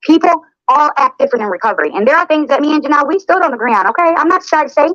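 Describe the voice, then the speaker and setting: A woman's voice: high voice, expressive, rapid-fire, fairly bright tone, no echo. A woman hosting a livestream, upset and defensive in a heated argument. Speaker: livestream host. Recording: dull lo-fi stream audio.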